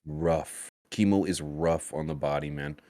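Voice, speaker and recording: A deep, low-pitched man chats casually as co-host of a podcast. He is laid-back and stumbles, repeating words as he goes. The sound is dry and close with no room around it. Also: fairly even intonation, a little slow, warm tone, no room sound. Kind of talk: casual chat.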